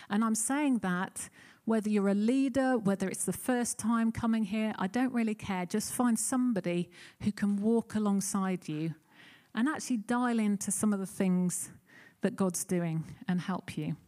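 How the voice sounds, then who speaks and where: A woman's voice: medium pitch, moderate pace, dark tone. A woman preaching a sermon in an earnest, conversational way, acting out the pleas she quotes.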